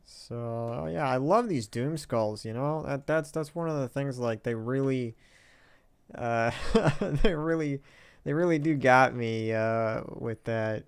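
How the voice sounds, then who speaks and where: A man's voice: mid-range voice, slow, creaky, smooth, dry recording. A man streaming a game live, talking casually and hesitantly, with wry, self-mocking asides and chat read aloud. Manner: rambling and hesitant, reads viewer chat aloud.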